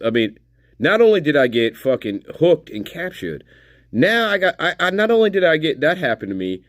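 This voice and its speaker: A man's voice: on the high side, very animated, normal speed, no echo. A man commentating on a live stream in casual chat, laughing often and swearing as he reacts to video clips.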